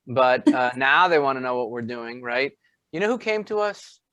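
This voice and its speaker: A man's voice: medium pitch, lively intonation, moderate pace, bright, forceful tone, no echo. A man co-hosting a podcast, bantering and teasing in casual chat. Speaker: podcast co-host.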